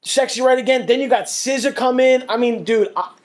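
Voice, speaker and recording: A man's voice: very high voice, fairly even intonation, a little fast. A man as a guest in a casual chat over a call, laid-back and teasing, full of dude and bro.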